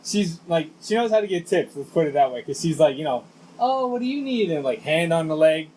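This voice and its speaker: A man's voice: fairly high pitch, fairly quick, low-quality recording. A man co-hosting a podcast, chatting casually, teasing his friends and laughing often. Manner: lively, laughs a lot, teasing. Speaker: podcast co-host. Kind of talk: casual chat.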